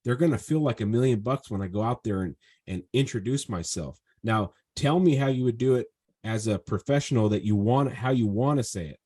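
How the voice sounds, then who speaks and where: An energetic man coaches a trainee over a video call, pressing his points with emphatic, persuasive talk. His voice sits at an ordinary middle pitch for a man. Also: fairly quick. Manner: energetic, emphatic, talks in long persuasive runs. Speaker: sales trainer and podcast host. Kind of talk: one-on-one coaching.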